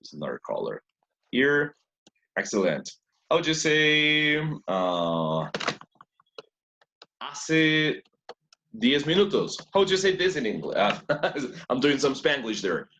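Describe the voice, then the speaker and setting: Lively, encouraging male English teacher. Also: mid-range voice, slow, long pauses, slight background noise. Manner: encouraging, repeats answers, praises often; switches between English and Spanish.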